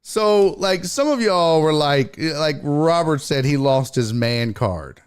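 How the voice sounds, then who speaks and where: A man's voice: fairly high pitch, takes it slowly, clean tone. A man hosting a casual sports talk stream, swearing freely and reading viewer chat aloud. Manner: profane, animated, reads chat aloud. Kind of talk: casual livestream commentary.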